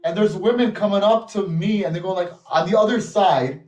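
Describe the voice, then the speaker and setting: An American man with a high-pitched voice tells his stories in a loose, animated way and acts out other people's lines in quotes. He sounds like he is in an echoey room. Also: brisk, far from the mic. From United States. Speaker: guest. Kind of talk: casual storytelling.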